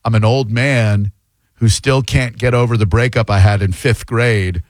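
A man's voice: fairly low pitch, steady tone, normal speed, no room sound, studio quality. A man hosting a radio show, telling a self-mocking, joking story in a casual on-air chat. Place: radio studio.

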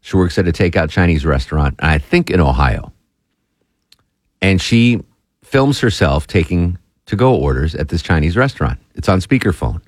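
A man co-hosting a podcast, telling stories in a casual chat and jumping high in pitch when amused. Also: sing-song, moderate pace, dry recording, clean studio sound. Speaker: podcast co-host.

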